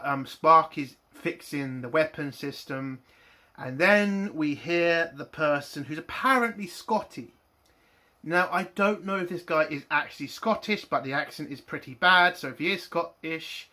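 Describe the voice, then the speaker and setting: A man's voice: on the high side, sharp tone. Blunt, swearing man ranting. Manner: blunt, profane, exasperated. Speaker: TV reviewer. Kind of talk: ranting review monologue.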